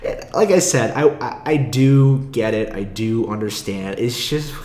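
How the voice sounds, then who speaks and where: A man's voice: medium pitch, a little slow, a little mellow, echoey room. A young man hosting a casual solo podcast, rambling, swearing freely and laughing often. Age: young adult. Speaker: podcast host. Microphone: own podcast mic.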